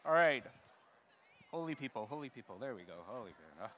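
A man leading a church service as pastor, giving a lively children's sermon and coaxing the kids to come forward. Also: medium pitch, fairly quick, a little hiss or hum. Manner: animated, coaxing, talks to kids. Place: church sanctuary.

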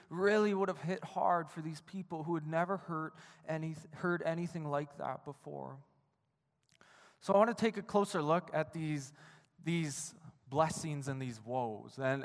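A man delivering an earnest sermon, often repeating his words and checking in with "right?". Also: a little high. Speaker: pastor. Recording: reverberant hall.

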